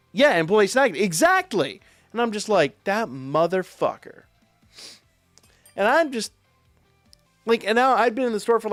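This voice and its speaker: A man's voice: fairly high pitch, no echo. Profane man telling a story. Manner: profane, animated anecdote with quoted voices. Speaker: streamer. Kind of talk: casual storytelling on a live stream.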